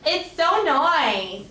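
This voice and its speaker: Woman improvising on stage, high voice, lively pitch, echoey and distant. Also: a little hiss or hum. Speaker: improv performer. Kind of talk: live improv comedy.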